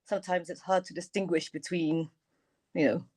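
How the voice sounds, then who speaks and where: A woman's voice: fairly low pitch, fairly even intonation, moderate pace, mellow. A woman taking part in a class, asking a question hesitantly and searching for her words.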